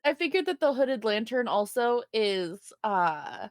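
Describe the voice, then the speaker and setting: Lively, giggly woman player. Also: on the high side, unhurried, dry recording, clean studio sound. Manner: playful, giggly. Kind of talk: tabletop game chat.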